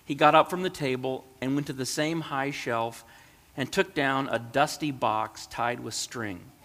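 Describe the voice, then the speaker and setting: In a gentle, measured voice of middling pitch, a man reads a storybook aloud. A long hall reverb trails after each of his phrases.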